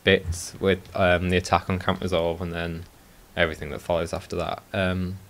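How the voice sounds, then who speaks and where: A man co-hosting a podcast, relaxed and teasing as he gives his views on a game update. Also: deep voice, moderate pace. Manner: laid-back and teasing, laughs easily. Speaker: podcast co-host. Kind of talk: casual podcast chat.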